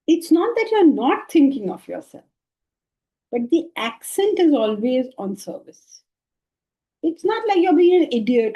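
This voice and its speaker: A woman's voice: on the high side, very animated, slow pace, warm tone, husky. A woman giving a spiritual lecture, emphatic and full of rhetorical questions. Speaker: spiritual teacher. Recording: dull lo-fi sound.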